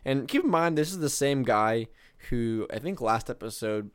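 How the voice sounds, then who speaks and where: This co-host's mid-range voice has lively intonation, a moderate pace and a clean tone, recorded in clean studio sound without room noise. He chats casually about politics, rambling with many fillers.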